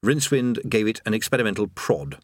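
A man reads a comic novel aloud in a wry, expressive way. His pitch moves widely through each sentence. The close studio recording is dry, with no room sound. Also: a little fast, dry recording. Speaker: audiobook narrator. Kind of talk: scripted narration.

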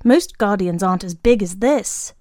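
A woman's voice: mid-range voice, animated, moderate pace, a little mellow, no echo, studio quality, close to an everyday voice. A woman reading a story aloud, voicing a bossy, scheming male creature who gives orders.

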